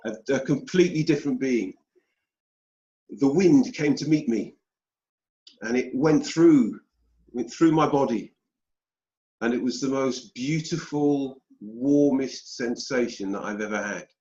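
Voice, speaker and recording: A British man telling a personal story as an interview guest, slow and deliberate with pauses. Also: mid-range voice, mellow, a little hiss or hum. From United Kingdom. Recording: dull roomy sound.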